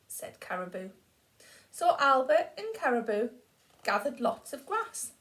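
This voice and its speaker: A woman teacher reads a picture book aloud to children, telling the story slowly and expressively and dropping to a hush in the quiet moments. Her voice is high-pitched.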